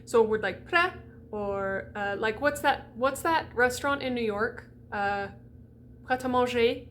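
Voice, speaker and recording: A woman's voice: on the high side, expressive, a little slow, fairly bright tone, slight background noise. A woman voice coach giving a diction lesson, demonstrating sounds and speaking directly to the viewer.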